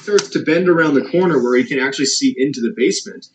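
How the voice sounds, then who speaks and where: A man's voice: fast talker, slight background noise, rough recording. A man narrating a dramatic true scary story, building suspense as he goes. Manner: suspenseful, builds tension with rising pitch.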